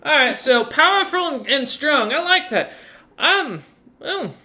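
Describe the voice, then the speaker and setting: A man's voice: very high-pitched, big pitch swings, measured pace, sharp tone, voice pushed up, exaggerated voice. A man voicing a gleeful, bloodthirsty young woman rogue who talks in a teasing, sing-song way.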